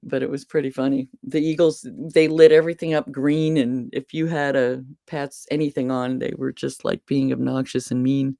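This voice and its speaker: Middle-aged New England woman, chatty host, animated storyteller, dry close sound. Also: a bass voice, moderate pace, creaky, few pauses, no room sound. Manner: chatty, animated storyteller who laughs often. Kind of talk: casual chat.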